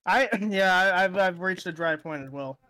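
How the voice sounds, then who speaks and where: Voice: mid-range voice, moderate pace, sharp tone. A podcast co-host in casual chat, laughing often and restarting sentences with a stammer.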